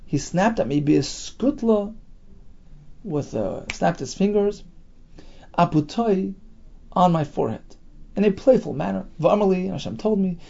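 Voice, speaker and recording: A high-pitched man with a husky, gravelly voice teaches a Talmud class. He reads the Aramaic phrase by phrase and translates each part into English as he goes. His tone is mellow, and the recording is dull and lo-fi. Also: expressive, moderate pace, pauses often.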